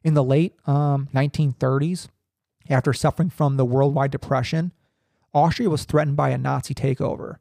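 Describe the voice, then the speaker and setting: A young man reading a text aloud in a halting way, full of ums and restarts, with casual asides. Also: medium pitch, steady tone, creaky, mellow, no room sound, studio quality. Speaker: podcaster reading and commenting.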